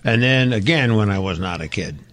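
A man's voice: lowish voice, expressive, brisk, a bit bright, slight background noise. Rambling man hosting a radio chat. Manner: rambling, storytelling. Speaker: radio host.

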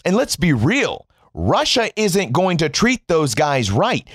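A man's voice: a little high, huge pitch swings, a little slow, few pauses, husky, no room sound, clean studio sound. A man from the United States delivering a sarcastic, profane opinion monologue as a political commentator.

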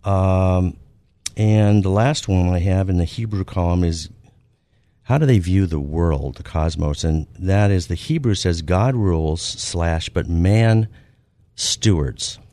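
A man hosting a show, explaining ideas point by point in a measured way, stressing key words, with frequent ums and uhs. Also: sits low, dark tone, no room sound. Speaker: radio show host and author. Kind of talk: teaching talk comparing ideas point by point.

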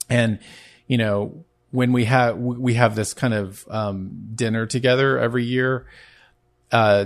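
A man of middle pitch tells his own story as a podcast host. He speaks earnestly and haltingly, starting over mid-sentence as he searches for words, in a plain personal testimony. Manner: earnest, halting, many restarts.

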